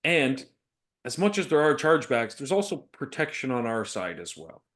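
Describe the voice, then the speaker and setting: Man, podcast co-host, casual business chat, mid-pitched voice, laughs as he talks. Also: sing-song, moderate pace, fairly bright tone. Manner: chatty, laughs often, storytelling.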